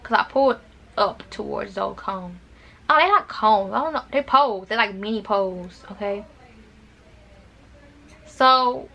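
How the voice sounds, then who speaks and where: A woman's voice: fairly high pitch, pushed and bright. A young woman from Arkansas, telling a dramatic storytime to her viewers in casual chat, with repeated words and asides. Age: young adult. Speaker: vlogger.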